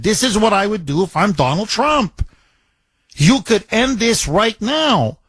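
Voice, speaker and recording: A man's voice: high voice, a bit bright, slightly rough, no echo. A man hosting a political talk radio show, delivering an impassioned, emphatic monologue full of repetition.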